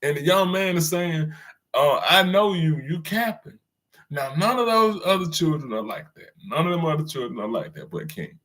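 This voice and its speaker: A man talks straight to his audience in a loose, slangy rant. His voice sits a little high for a man. He drifts between asides and chuckles at his own jokes. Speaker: commentator hosting his own channel. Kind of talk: casual commentary rant.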